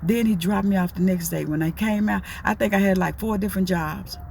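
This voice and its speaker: Folksy and preachy, a middle-aged motivational talker keeps repeating herself in a casual talk. She speaks a little fast at medium pitch, with a gravelly, darkish voice over slight background noise.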